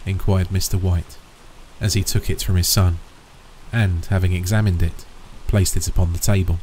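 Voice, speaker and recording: A man narrating a horror story in a measured, steady way. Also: deep voice, slight background noise, poor audio.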